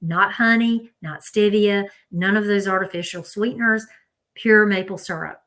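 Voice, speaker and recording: A woman's voice: mid-range voice, normal speed, fairly bright tone. Southern woman vlogger, chatty and direct, addresses viewers as y'all. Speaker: health vlogger. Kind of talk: casual advice talk.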